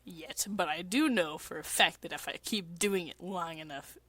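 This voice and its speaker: There's no echo on this fairly low, slightly bright female voice, talking at normal speed. Streaming casually from a basement apartment, she sounds congested and phlegmy, rambling crudely through fillers and frequent swears.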